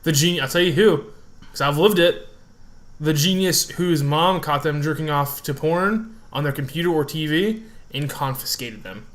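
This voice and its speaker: Dude with a kinda high voice cracking crude jokes on a podcast, loud and animated. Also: male voice, normal speed. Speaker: podcast co-host. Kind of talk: casual chat.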